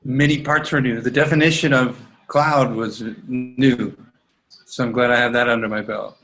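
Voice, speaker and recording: A man's voice: medium pitch, fairly even intonation, moderate pace, a bit bright, low-quality recording. A man, a student in an online class, giving brief, appreciative feedback to the instructor.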